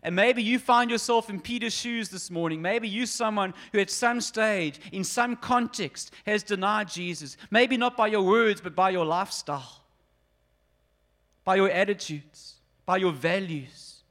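A man in his forties delivers a sermon in a fairly high, bright register. He preaches with earnest emphasis and addresses his listeners directly, as if speaking to each person in the pews. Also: unhurried. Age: 40s. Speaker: pastor.

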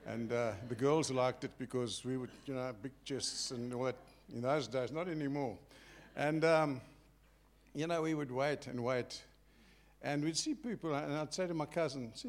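An older man delivers a sermon like a story told among friends. His voice sits a little high for a man, and it often sinks to a quiet murmur at the end of a point. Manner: storytelling, conversational with sudden soft drops. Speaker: preacher.

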